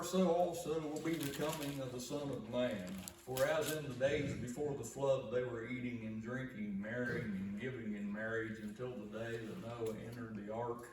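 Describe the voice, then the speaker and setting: A man's voice: medium pitch, steady tone, moderate pace, hardly any pauses, a little mellow, slight background noise. A man preaching a sermon as pastor, reading scripture with earnest, rising emphasis. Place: church sanctuary. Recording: echoey church recorded from far off.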